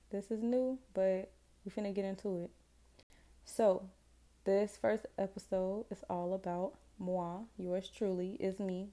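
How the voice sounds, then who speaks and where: Southern US woman, 20s, podcast host; mellow tone, rambling, slangy solo chat. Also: mid-range voice. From Jacksonville, Florida, US. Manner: chatty, rambling, self-deprecating, slangy.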